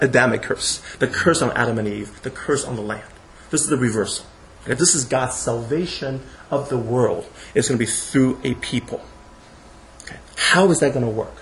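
Animated male lecturer with frequent restarts. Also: mid-range voice, vocal fry, a little hiss or hum, rough recording. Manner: chuckles while explaining. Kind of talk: classroom lecture.

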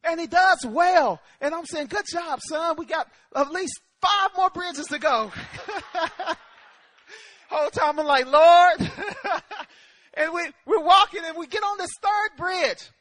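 Preacher, male, very high bright voice, emphatic storyteller, dry close sound. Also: a little slow, pauses often, no room sound. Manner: emphatic storytelling, calls of amen. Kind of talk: sermon with personal story.

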